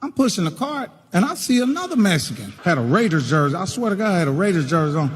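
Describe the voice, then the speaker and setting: A man's voice: sits high, sing-song, fast, in a large hall, a little hiss or hum. A man doing a stand-up routine with brash, profane storytelling. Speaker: stand-up comedian.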